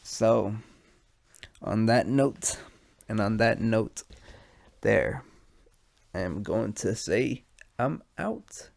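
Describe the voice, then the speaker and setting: Stoned, gravelly man rambling on his podcast. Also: fairly low pitch, animated, drawn-out words, pauses often, a little mellow. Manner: rambling, profane and self-mocking. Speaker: podcast host. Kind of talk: casual solo podcast monologue.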